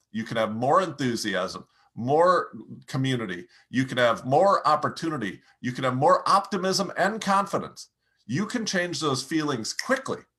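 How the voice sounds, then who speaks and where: A middle-aged man giving a motivational lesson on telling your story, speaking directly to the listener and showing how to drop and lift his voice. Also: bright, forceful tone. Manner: direct, coaching, addresses listener as you; demonstrates voice changes, lowering and raising pitch. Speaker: speaking coach. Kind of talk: motivational teaching talk.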